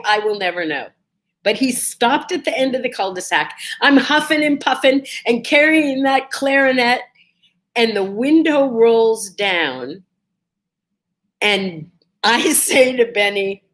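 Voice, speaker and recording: A woman with a somewhat high voice tells a personal story on her easygoing morning vlog, speaking a little slowly. She's chatty and animated though feeling a bit sick.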